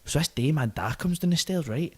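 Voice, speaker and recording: A man's voice: on the high side, expressive, fairly quick, a little mellow, breathy edge. A man in his twenties with a Glaswegian accent, a podcast guest telling profane, vivid stories in casual chat, punctuated by "right?" and "mate". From Scotland.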